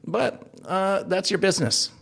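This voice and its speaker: A man with an upper Midwestern accent, co-hosting a casual podcast from an office, telling stories in an animated, laughing way. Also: sits high, unhurried, gravelly, slightly rough. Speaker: podcast co-host. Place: office in a co-working space.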